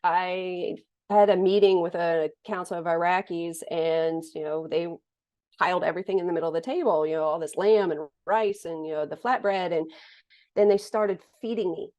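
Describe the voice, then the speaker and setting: A woman's voice: fairly low pitch, fairly even intonation, normal speed, darkish tone. A woman in her forties from the United States, a thriller author who answers interview questions in a casual, joking, self-deprecating way.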